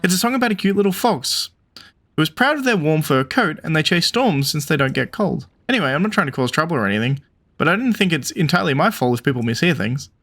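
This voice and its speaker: A man's voice: on the high side, animated, fast talker, a bit bright. A man voicing a vain young woman singer in a game, self-satisfied and defensive. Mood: smug.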